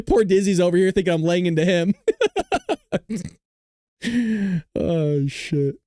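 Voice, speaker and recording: A man's voice: high-pitched, normal speed, warm tone, clear, resonant tone, no echo, studio quality. A male show host ranting to his live-stream viewers, frustrated and full of profanity, talking straight to his audience.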